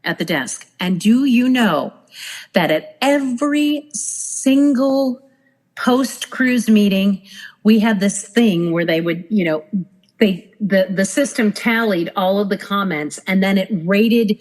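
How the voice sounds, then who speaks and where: Here a former cruise director takes her time, her mid-range voice slow over poor-quality audio. Her podcast storytelling is relaxed and animated, and she performs the lines of everyone she quotes.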